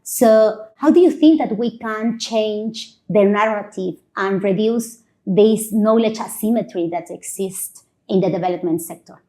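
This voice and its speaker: A woman's voice: mid-range voice, unhurried, few pauses, dark tone. A woman executive director interviewing a guest, speaking earnestly and fluently with occasional fillers. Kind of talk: conversational interview.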